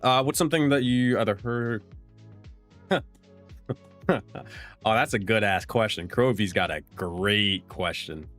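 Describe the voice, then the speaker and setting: On a casual livestream Q&A with soft music playing, a young male streamer and game master speaks unhurriedly with long pauses. His voice sits on the low side with a fairly bright tone, and he answers chat loosely, restarting often and swearing casually.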